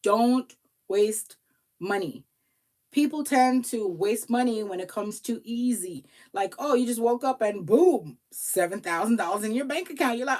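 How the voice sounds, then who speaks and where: Animated woman giving pleading money advice. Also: on the high side, unhurried. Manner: animated, acts out little quoted exchanges in changed voices; pleading, repeats herself for emphasis. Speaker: tax professional and business coach. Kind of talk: casual motivational talk to viewers.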